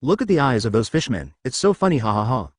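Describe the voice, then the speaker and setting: A man's voice: medium pitch, big pitch swings, fast talker, husky, dry recording, studio quality. A man voicing a cruel, haughty young noblewoman in a disdainful tone.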